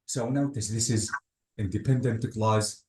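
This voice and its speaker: A man with a lowish, mellow voice explains grammar rules, working through examples methodically and repeating his cue words. The sound is roomy and echoey. He is a patient teacher leading a lesson. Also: fairly even intonation, unhurried. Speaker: English teacher. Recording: echoey room.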